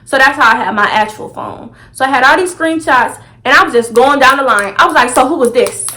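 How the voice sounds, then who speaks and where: Young woman, storytime vlog, high bright voice, sassy and animated. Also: fairly quick. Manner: animated, sassy, dramatic retelling. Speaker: vlogger.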